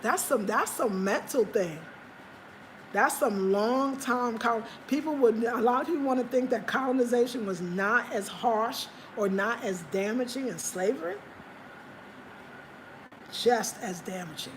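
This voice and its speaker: Chatty woman with a fairly high voice. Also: measured pace, a little hiss or hum. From United States. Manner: chatty, rambling, emphatic. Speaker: vlogger. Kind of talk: casual chat.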